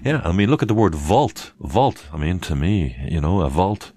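A man's voice: deep voice, big pitch swings, moderate pace, dark tone, husky, no room sound. A man hosting a live stream, chatting casually, asking rhetorical questions and thanking viewers by name. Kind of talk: casual live-stream talk reading chat.

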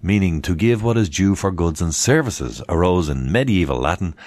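A man's voice: low-pitched, lively intonation, normal speed, darkish tone, dry recording. A man hosting a live stream, chatting casually, asking rhetorical questions and thanking viewers by name. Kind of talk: casual live-stream talk reading chat.

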